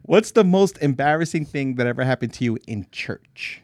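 A man co-hosting a casual chat, a laid-back storyteller who drops low and quiet for setups. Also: expressive, moderate pace, no echo. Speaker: podcast co-host.

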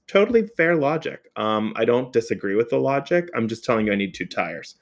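A man telling a personal story in a casual, animated way, swearing often and laughing as he goes. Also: mid-range voice, a little fast, vocal fry, hardly any pauses.

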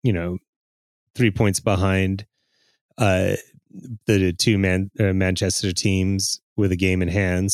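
A man's voice: low voice, darkish tone, dry recording. A man co-hosting a podcast, chatting casually about football with frequent fillers and restarts. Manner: chatty, hesitant with many fillers. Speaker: podcast co-host. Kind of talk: casual sports chat.

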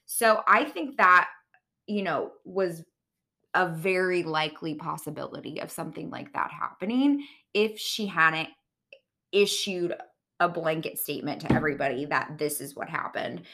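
A woman's voice: low voice, normal speed, sharp tone. A young woman hosting a podcast, recapping reality TV in a casual, opinionated way and acting out what people said. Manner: chatty, opinionated, acts out quotes. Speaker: podcast host.

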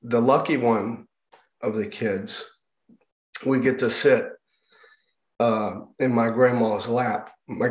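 A man giving a personal testimony about his hard childhood, speaking haltingly, with frequent restarts and pauses. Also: medium pitch. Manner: halting, with many restarts and fillers. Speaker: speaker sharing his life story. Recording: roomy echo.

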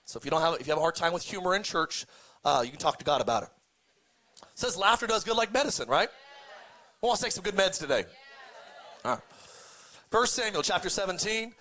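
In a high, sing-song voice that is bright and forceful, a pastor preaches at a quick pace, pausing often. He cracks jokes, retells scripture casually, and has the congregation call words back to him.

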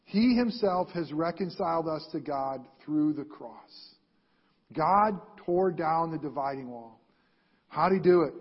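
A pastor preaching a sermon, stressing key phrases and repeating them for emphasis. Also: male voice, a little high, husky. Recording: dull lo-fi sound in a reverberant hall.

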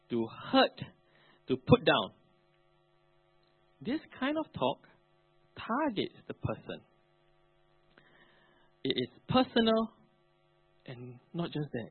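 A man's voice: medium pitch, husky, no echo. A male pastor preaching a sermon, emphatic with colloquial asides. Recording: narrow phone-like, dry.

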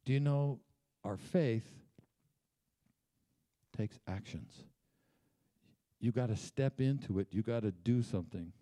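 Mellow-voiced pastor telling stories. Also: male voice, medium pitch, takes it slowly, long pauses. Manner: conversational, tag questions like "okay?". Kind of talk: storytelling sermon. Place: church sanctuary.

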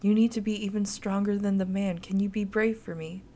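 A woman voicing the gentle ghost of a young girl, speaking softly and calmly to reassure. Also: medium pitch, brisk, natural voice. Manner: soft, calm, reassuring.

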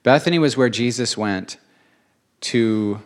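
A man's voice: medium pitch, a little slow. A man preaching a sermon, earnest and emotional, repeating phrases for emphasis.

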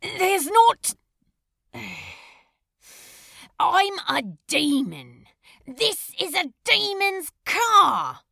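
A woman's voice: very high voice, wildly swooping pitch, drawn-out words, creaky, long pauses, bright, forceful tone, no room sound, studio quality, exaggerated voice. A woman voicing an irritable, sardonic male demon in a fan audio drama, talking in an exasperated, emphatic way.

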